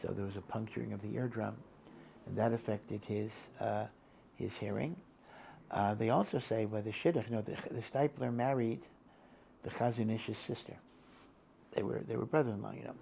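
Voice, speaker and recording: A man's voice: fairly low pitch, moderate pace, vocal fry, slight background noise. An older man teaching a rabbinic class in a loose, storytelling way, often restarting his sentences and mixing in Hebrew and Yiddish terms. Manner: acts out a loud, shouting old rabbi in quotes. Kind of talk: informal Torah lecture with stories.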